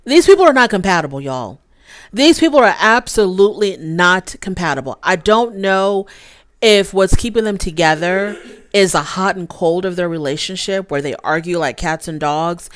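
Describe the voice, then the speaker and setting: A woman giving casual, opinionated commentary as a reality TV reviewer, calling her viewers y'all. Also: deep voice.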